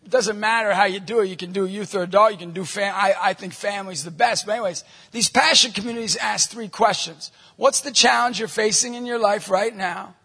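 A man leading a Catholic evangelization ministry, telling stories in a conversational, animated way in a talk to a church group. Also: high-pitched, brisk, hardly any pauses, breathy edge, long reverb tail.

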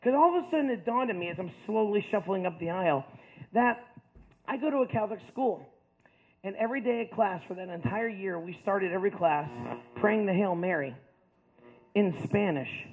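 A man's voice: high-pitched, lively intonation, moderate pace. Man, from the Ohio Valley, storytelling talk, casual, self-mocking, filler-heavy, tinny phone-like recording. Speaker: speaker.

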